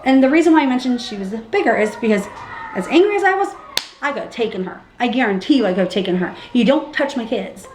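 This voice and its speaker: A young pregnant woman vlogging casually, animated and acting out what people said with big jumps in her voice. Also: quick pace. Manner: animated, acts out quotes with big pitch jumps. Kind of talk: casual storytelling vlog. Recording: echoey room with faint background hum.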